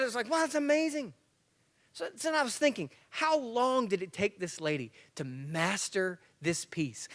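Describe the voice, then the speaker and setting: Animated man telling a story. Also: sits high. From Tennessee and Georgia, US. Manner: animated, acts out the story with swings between loud and hushed. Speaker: guest speaker at a church men's breakfast. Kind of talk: storytelling talk to a live audience. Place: church event before a live audience.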